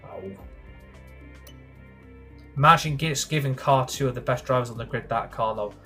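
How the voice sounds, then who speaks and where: A man's voice: medium pitch, moderate pace, sharp tone, faint music behind. A young British man streaming a racing game, chatting casually, grumbling and swearing when frustrated. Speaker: gaming streamer. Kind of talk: live gameplay commentary.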